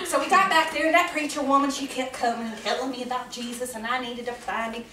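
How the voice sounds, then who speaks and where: A woman's voice: a little high, fairly even intonation, fast talker, a loud crowd, voice pushed down, close to an everyday voice. A woman performing a comic monologue as a naive, chatty churchgoing gossip, talking in a folksy drawl and laughing often. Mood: amused. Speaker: performer at a church ladies' meeting. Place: church meeting room. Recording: echoey room from far off, noisy.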